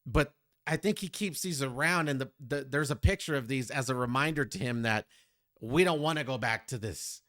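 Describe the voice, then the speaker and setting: A man's voice: mid-range voice, moderate pace, a bit bright, dry recording, studio quality. A man hosting a music reaction video, talking reflectively and directly to his viewers. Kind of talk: casual reaction commentary.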